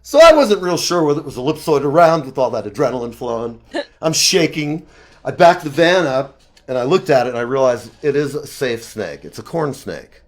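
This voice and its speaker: A man in his fifties telling rambling personal stories in casual chat, animated and profane, often laughing. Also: mid-range voice, moderate pace. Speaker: talk show guest.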